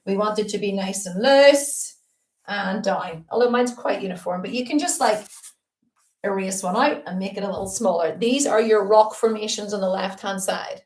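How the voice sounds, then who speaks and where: A woman's voice: mid-range voice, moderate pace. Woman art teacher, live-stream lesson, chatty and upbeat, roomy echo. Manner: chatty, upbeat, greets viewers while explaining.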